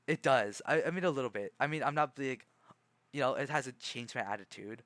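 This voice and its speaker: Bright-voiced young man rambling calmly. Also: mid-range voice, dry recording. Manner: rambling, hesitant, many restarts and fillers; calm, measured delivery. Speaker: streamer. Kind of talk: casual livestream chat.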